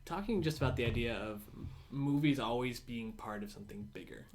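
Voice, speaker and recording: A man's voice: medium pitch, expressive, a little fast, slight background noise. A man co-hosting a casual podcast, asking questions and chatting with fillers and restarts. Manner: attentive, asks questions, many fillers. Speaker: podcast co-host. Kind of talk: casual chat.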